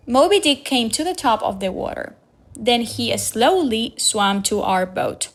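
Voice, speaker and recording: A woman reading a storybook aloud for young learners, slow, clear and careful. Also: on the high side, very animated. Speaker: reader.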